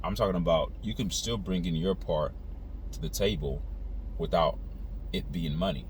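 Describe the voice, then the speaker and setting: A man giving an earnest, opinionated monologue while driving, lecturing the listener and repeating words as he restarts. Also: normal speed. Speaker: vlogger. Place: inside a car while driving. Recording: loud road and engine noise inside a car. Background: traffic and engine rumble.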